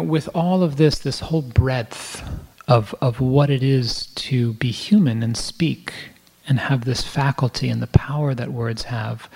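A man teaching meditation, giving a reflective talk to people in a room, often restarting his phrases and dropping into soft asides. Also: medium pitch, creaky, breathy edge. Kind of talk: dharma talk to a live audience. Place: room with a live audience.

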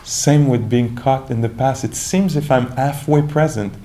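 A man gives a calm, reflective dharma talk as a meditation teacher, often restarting and wandering into asides as he searches for words. His voice sits in the mid range and moves a little slowly.

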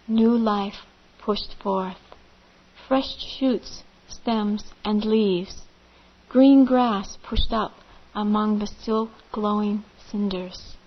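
A woman meditation teacher telling a parable gently, in measured phrases with vivid pauses. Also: medium pitch, muffled recording. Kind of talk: slow storytelling of a parable.

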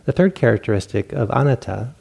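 A middle-aged man teaching meditation in a relaxed dharma talk, poking fun at himself and acting out his own inner voices. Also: mid-range voice, fairly quick, gravelly, slightly rough. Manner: relaxed, self-mocking, acts out inner voices.

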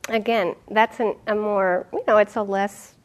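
A middle-aged woman meditation teacher giving a dharma talk, telling stories in an animated way and laughing often. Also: mid-range voice, measured pace. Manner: animated storytelling, laughing often, acting out quotes.

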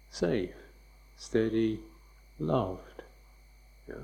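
Mellow-voiced man giving a dharma talk. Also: on the low side, gravelly, rough recording. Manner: soft, unhurried, reflective teaching with quiet repetitions. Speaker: meditation teacher.

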